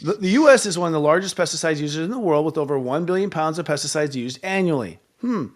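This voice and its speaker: A man hosting a live talk show, ranting in an animated, profane way. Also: fairly high pitch, fast. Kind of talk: casual chat.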